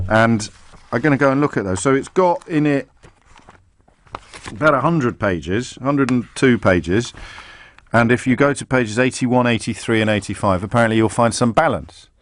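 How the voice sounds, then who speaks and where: A man with a mid-range voice hosts a live radio talk show from a studio, reading aloud on air and tossing in sarcastic, mocking asides. His studio microphone picks up a little hiss or hum.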